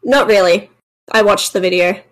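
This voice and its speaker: Woman co-host on a podcast, mid pitch, blunt and kinda dismissive, just chatting. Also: normal speed, low-quality recording. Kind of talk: casual commentary chat.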